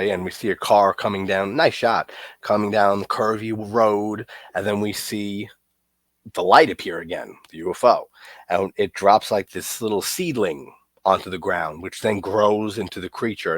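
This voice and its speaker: A young man talks through a horror film in a loose, joking way, dropping curses and chuckling as he recaps. His voice sits very low, and the recording is dry and close with no room around it. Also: dry recording. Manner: loose and profane, laughs and jokes while recapping. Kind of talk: casual film commentary.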